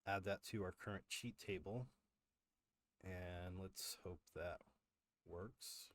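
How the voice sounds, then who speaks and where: Low-voiced man explaining game cheats. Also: fairly even intonation, takes it slowly. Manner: explanatory, frequent fillers and restarts. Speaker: livestream host. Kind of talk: live coding walkthrough.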